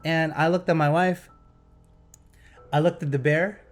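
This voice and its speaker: Young guy on a podcast, telling a story all excited, doing little sound effects. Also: on the high side, measured pace, faint music behind. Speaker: podcast host. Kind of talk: casual storytelling chat.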